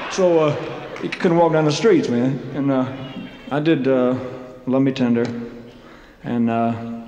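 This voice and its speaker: A man's voice: medium pitch, measured pace, dark tone, muffled recording. Man on stage, rambling stories, self-mocking, frog in throat, echoey concert hall, faint hiss. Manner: jokey, self-mocking, laughs between phrases. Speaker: singer performing live. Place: large showroom stage. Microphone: stage microphone.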